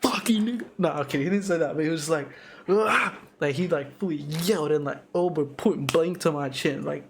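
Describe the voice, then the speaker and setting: A young man casually narrating footage of his own amateur Muay Thai fight, excited and slangy, full of restarts and sound effects. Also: a little high, brisk, few pauses, background noise. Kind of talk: casual fight breakdown commentary.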